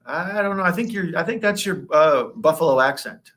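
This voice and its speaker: A man co-hosting a casual livestream, reading viewer comments aloud and joking, with sudden jumps up in pitch. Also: animated, fairly bright tone. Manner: jokey, reads comments aloud, quick laughs and pitch jumps. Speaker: co-host reading live chat.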